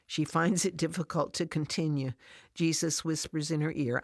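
A woman narrates a scripted devotional story in a calm, measured way. Her voice sits low. The recording is dry and close, with no room sound. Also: dry recording.

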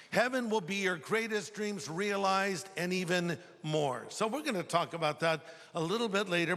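Bright high-voiced preacher in a hall. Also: male voice. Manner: humorous, animated storytelling. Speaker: pastor. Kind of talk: sermon. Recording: long hall reverb.

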